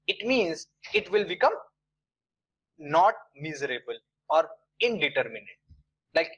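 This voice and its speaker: A man's voice: a little high, a bit bright, muffled recording. A man, lecturing an online engineering class. He explains step by step, repeats his phrases and quizzes students, with frequent fillers and restarts. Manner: many fillers and restarts, non-native phrasing.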